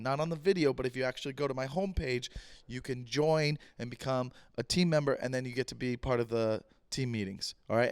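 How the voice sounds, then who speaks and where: A man's voice: on the high side, dry recording, studio quality. Rambling joking man hosting a podcast. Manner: rambling, jokey, repeats himself. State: voice a bit rough, clearing throat. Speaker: podcast host. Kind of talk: casual solo podcast monologue.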